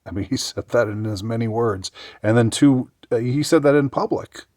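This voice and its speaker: A man giving sarcastic political commentary in a halting way, often restarting his sentences. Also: medium pitch, darkish tone, no echo, studio quality. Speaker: commentary vlogger.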